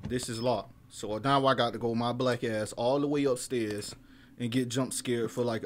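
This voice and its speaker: A young man streaming a horror game, loud and jumpy at the scares, full of slang and swearing, muttering to himself as he explores. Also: mid-range voice, a little hiss or hum. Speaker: gaming streamer. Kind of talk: horror gameplay commentary.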